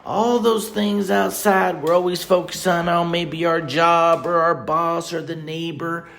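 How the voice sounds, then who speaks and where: A man's voice: a little high, fairly even intonation, a little slow, vocal fry, a bit bright, soft background music. A man hosting a podcast, talking in a folksy, tongue-in-cheek ramble that drifts off topic late at night at home. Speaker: podcast host. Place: room at home with a fan.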